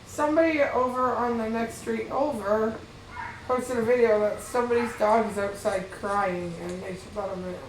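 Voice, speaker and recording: A woman's voice: a little high, fairly even intonation, normal speed, reverberant, slight background noise, poor audio. A woman chatting casually from across the room. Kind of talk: casual chat.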